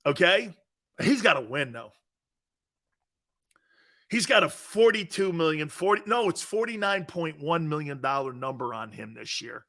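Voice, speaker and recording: A man hosting a sports talk show, joking loudly and laughing often as he riffs on football. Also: on the high side, big pitch swings, measured pace, long pauses. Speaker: sports radio host.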